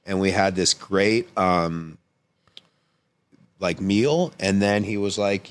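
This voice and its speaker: A man's voice: low-pitched, unhurried, smooth. A man, a filmmaker guest on a podcast, telling a personal story casually, swearing and acting out what people said. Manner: animated, acts out quotes in raised voices, swears freely.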